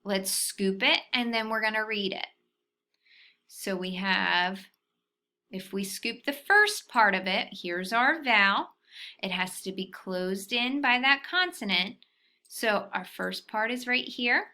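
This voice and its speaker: A woman teacher guides young children through a phonics lesson, patient and deliberate, often checking in with a soft "okay?". Her voice is mid-range and animated.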